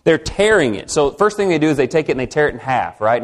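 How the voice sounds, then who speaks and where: A man preaching a sermon to a congregation in a conversational way, asking them questions and swinging from quiet, slow lines to emphatic ones. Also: a little high, big pitch swings.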